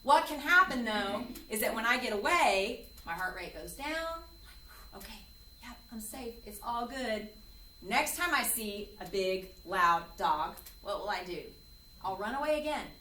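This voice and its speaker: Animated woman leading a parent workshop. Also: medium pitch, a little slow, a little hiss or hum. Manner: animated, acts out quoted voices. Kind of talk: workshop talk. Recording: echoey room from far off.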